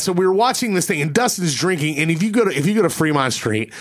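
Dude ranting a story on a podcast, kinda high voice, cussing a lot. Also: male voice, fast talker, few pauses. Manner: profane, exasperated, animated storytelling. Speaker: podcast host. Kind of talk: casual storytelling chat.

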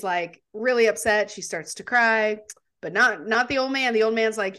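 A woman co-hosting a casual movie discussion podcast, animated and laughing often. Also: mid-range voice, moderate pace. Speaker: podcast co-host.

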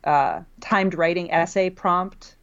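A woman's voice: fairly low pitch, slow, a bit bright, clear, resonant tone, dull audio. A woman who teaches college writing, co-hosting a casual talk and laughing often between fillers. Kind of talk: casual conversation.

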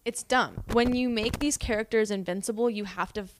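A woman's voice: on the high side, fairly quick, background noise. Woman co-host with dry banter. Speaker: podcast co-host. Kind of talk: casual chat.

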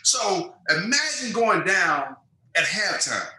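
A man's voice: fairly high pitch, moderate pace, reverberant, rough recording. A man, telling stories as an interview guest and acting out quotes. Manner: animated storyteller, acts out quotes. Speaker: guest, former football player. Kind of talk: storytelling interview.

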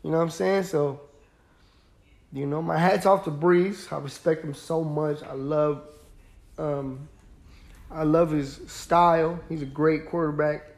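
A man's voice: on the high side, steady tone, unhurried, pauses often, darkish tone. A young man hosting a podcast, chatting casually about sports in a laid-back, rambling way with lots of fillers. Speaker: podcast host.

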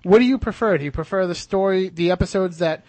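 A man's voice: sits high, darkish tone, no echo. A man hosting a radio show in casual, rambling chat, often restarting his sentences. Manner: quick, chatty, rambling with restarts.

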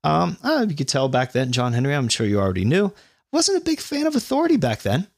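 A man's voice: a little high, wildly swooping pitch, quick pace, gravelly, husky, no echo, studio quality. A man co-hosting a podcast, chiming in with sarcastic, profane remarks in casual political banter. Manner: sarcastic, swearing. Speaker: podcast co-host.

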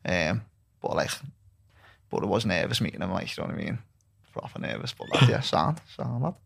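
A young man, a footballer guest, chatting casually and trailing off quietly, saying "lad" a lot. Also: deep voice, animated, fairly quick, creaky, husky. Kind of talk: casual chat.

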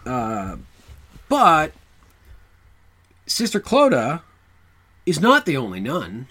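A man co-hosting a casual movie podcast, joking and breaking into loud exclamations. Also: fairly high pitch, slow pace, pauses often. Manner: animated, jokey, bursts into loud exclamations. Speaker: podcast co-host.

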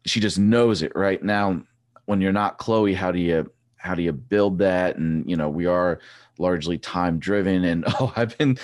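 Deep-voiced man telling stories, dry sound. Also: normal speed, no echo. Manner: rambling, animated storytelling with repeated restarts. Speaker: podcast guest, former track cyclist. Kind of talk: casual chat.

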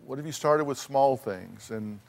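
A man's voice: medium pitch, expressive, measured pace, creaky, darkish tone. A man hosting a talk show who counsels his guests bluntly, speaking emphatically, repeating his words and using folksy phrases. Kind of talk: confrontational on-stage counseling.

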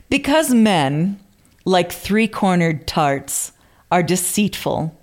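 A woman's voice: fairly low pitch, animated, measured pace. A woman co-hosting a podcast, reading old quotes aloud with theatrical flourish and amused asides in casual chat. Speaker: podcast co-host.

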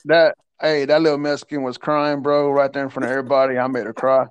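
A man telling a coaching story in a casual chat, animated and slangy, stumbling over repeated words and laughing often. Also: mid-range voice, fast, smooth, dry recording, dull audio. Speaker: podcast guest, assistant softball coach.

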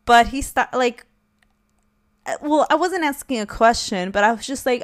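A woman's voice: a little high, animated, normal speed. Chatty young woman podcasting solo. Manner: chatty and candid, lots of fillers and laughter. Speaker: podcast host. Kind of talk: casual solo podcast chat.

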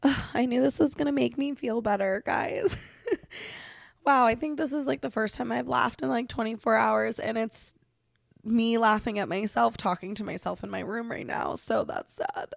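A woman's voice: on the high side, lively intonation, normal speed, gravelly, no room sound, clean studio sound. A young woman hosting a podcast, venting alone in her bedroom while sick, profane, rambling and self-mocking. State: sick and congested. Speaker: podcast host. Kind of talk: casual venting monologue.

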